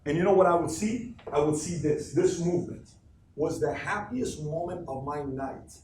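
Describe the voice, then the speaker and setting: Animated man addressing a crowd in an echoey room. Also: fairly high pitch, normal speed, a little hiss or hum. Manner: animated storyteller, emphatic, asks the room questions. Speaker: motivational speaker addressing a team. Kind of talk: live motivational talk to an office crowd. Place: office meeting space. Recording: echoey room, recorded from far off.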